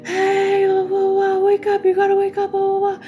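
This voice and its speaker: A woman voicing beings from a dream who yell and repeat their calls loudly. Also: very high-pitched, completely flat delivery, very fast, over music, pitched above the performer's own voice. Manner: yelling, repeating. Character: crowd of beings yelling from a light.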